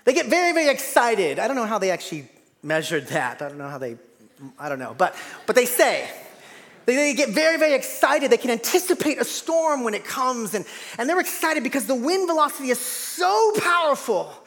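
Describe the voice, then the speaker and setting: A man preaching a sermon in a church, dynamic, swinging from loud to hushed. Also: very high voice, sing-song, a little fast, big-room sound. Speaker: pastor. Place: large church hall.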